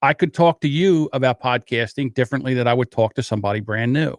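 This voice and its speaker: A man speaks as a guest on a podcast in a plain, wry, conversational way. His voice is mid-pitched. The recording is close and dry. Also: fast talker, no room sound. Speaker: podcast guest, audio editor. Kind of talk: casual podcast chat.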